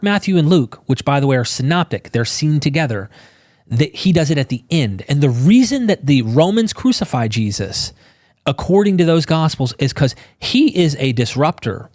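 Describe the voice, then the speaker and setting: A man talking casually as a podcast guest, animated and informal, acting out quotes in exclaiming voices. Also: on the high side, no echo, studio quality. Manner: casual, swears and says bro.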